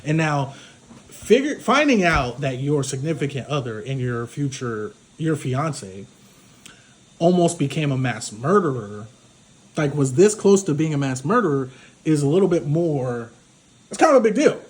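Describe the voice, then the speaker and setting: A man's voice: on the high side, sing-song, moderate pace. A man giving a casual spoken recap of a film as a reviewer, rambling with many fillers. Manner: rambling, filler-heavy retelling, full of "like".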